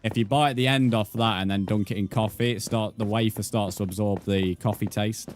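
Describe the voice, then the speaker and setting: A young man chats casually with his live-stream viewers, swearing freely and calling them mate. His voice sits on the low side with fairly even intonation, moving a little fast over soft background music.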